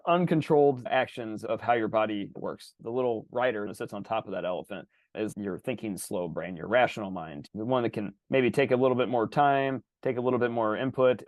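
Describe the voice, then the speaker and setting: A man hosting a podcast, telling a rambling, animated story in casual chat and swearing freely. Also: lowish voice, no room sound. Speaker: podcast host.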